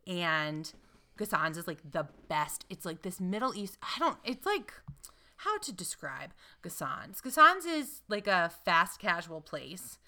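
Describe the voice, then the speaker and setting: A woman's voice: lowish voice, sing-song, measured pace, bright, forceful tone. A young woman from North Carolina co-hosting a podcast, chatting casually and rambling with lots of fillers and restarts. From Greensboro, North Carolina. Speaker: podcast co-host. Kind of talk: casual chat.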